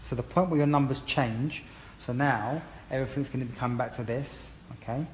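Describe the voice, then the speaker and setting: A man's voice: mid-range voice, a little fast, a little hiss or hum. A man giving a chatty, encouraging live-streamed haircut tutorial, explaining each step as a hairdressing educator. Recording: roomy echo with long reverb and faint ambience.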